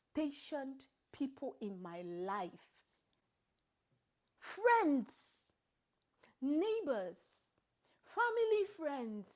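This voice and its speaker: A young woman speaks in a high, bright register. She delivers a heartfelt testimony of gratitude. She drops soft and low in places, then rises into loud, laughing bursts. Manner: emotional and grateful, swings from soft and low to loud, laughing outbursts. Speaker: vlogger giving a personal testimony.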